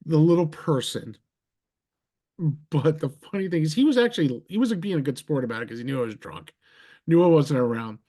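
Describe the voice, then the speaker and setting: Animated storytelling man from New Jersey. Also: a little fast. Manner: animated storyteller, jumps to a much higher pitch for quoted voices. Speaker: podcast host. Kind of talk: casual chat, storytelling.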